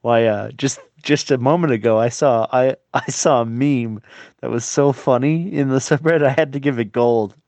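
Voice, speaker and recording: A man's voice: medium pitch, moderate pace, a little mellow. A young man performing a comedy sketch monologue as a smug forum user, mock-serious and hesitant with fillers. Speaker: comedian playing forum users. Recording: slightly dull, dry recording.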